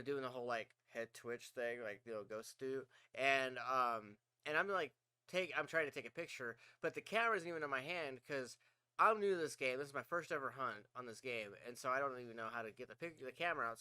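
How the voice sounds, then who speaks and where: A man's voice: medium pitch, bright, forceful tone, clean tone, no room sound. A man hosting a podcast, telling a gaming story in casual chat, swearing freely and acting out his own panicked yelps. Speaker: podcast host.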